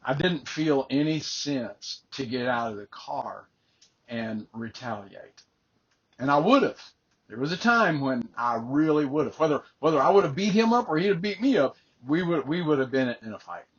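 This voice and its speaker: A man's voice: mid-range voice, expressive, normal speed, husky, dull audio. An older man, a life coach, earnestly telling a personal faith story and often repeating words as he starts a phrase.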